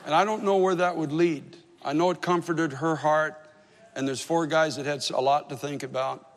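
A man's voice: on the high side, fairly even intonation, normal speed. A man, probably in his fifties, preaching as a pastor, telling a personal story with conversational, self-deprecating humor. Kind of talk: sermon with storytelling. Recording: reverberant hall.

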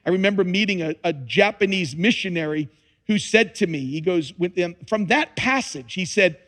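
Preaching in a church sanctuary, a male pastor speaks at a normal speed in a high, expressive voice with a fairly bright tone. His dramatic reading of scripture leans on emphatic repetition and light humor, and the large hall gives the recording a long reverb.

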